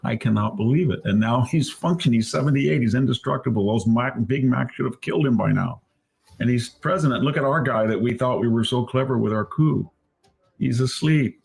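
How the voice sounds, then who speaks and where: A man giving opinionated political commentary, animated and stammering, often mimicking his opponents. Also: medium pitch, fairly quick, vocal fry, husky.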